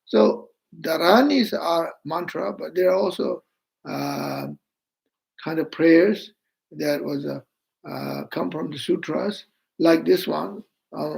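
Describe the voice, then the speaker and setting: A man with a Tibetan accent, a native Tibetan speaker, gives an online Buddhist teaching in a slow, halting way, with many fillers, and chants mantras slowly. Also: fairly high pitch, animated, gravelly, a little mellow, rough recording.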